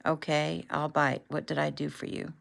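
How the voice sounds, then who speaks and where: A woman reading as an earnest high school boy, speaking softly and without fuss. His voice stays low-key and understated. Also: monotone, moderate pace, gravelly, heavily acted. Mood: subdued. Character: teenage boy, earnest and subdued.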